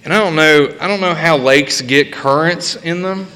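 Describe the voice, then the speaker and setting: A man's voice: fairly high pitch, normal speed, background noise. A man sharing a personal recovery story at a meeting, profane and self-mocking, laughing at himself as he talks. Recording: reverberant hall.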